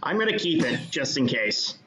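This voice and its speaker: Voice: medium pitch, very animated, moderate pace. A player in an online tabletop game, chatting casually and joking in character. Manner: playful, jokes in character. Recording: roomy lo-fi mic under loud music.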